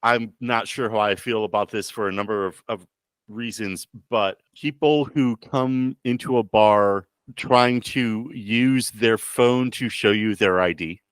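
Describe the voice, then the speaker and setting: A man's voice: fairly low pitch, a little slow, clean tone, dry recording. A man co-hosting a podcast, asking wry questions in casual chat. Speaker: podcast co-host.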